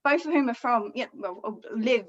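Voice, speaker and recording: A woman's voice: on the high side, expressive, moderate pace, dull audio. A woman from Southern Essex, a lecturer, talking casually as a guest in a webinar, with many fillers and hedges. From Southern Essex, England. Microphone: video call.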